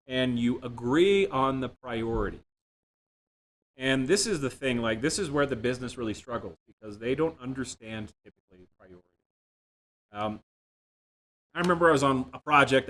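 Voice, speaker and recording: A man's voice: mid-range voice, a bit bright. Joking man giving a tech talk. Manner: self-deprecating, jokey storytelling. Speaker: conference speaker. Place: room without a live audience.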